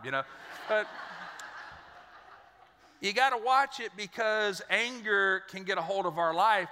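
A middle-aged man preaching to his church in a high, very bright voice. He tells folksy, joking stories as he builds toward his point. His words trail off in the long reverb of a large church hall. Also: moderate pace, pauses often, a little hiss or hum. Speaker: pastor. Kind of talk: sermon. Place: church auditorium.

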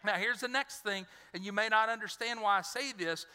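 Pastor, middle-aged man, bright forceful voice, animated storytelling sermon. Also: sits high, a little fast, smooth. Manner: animated, acts out voices in his stories. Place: large church hall. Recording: reverberant church sanctuary.

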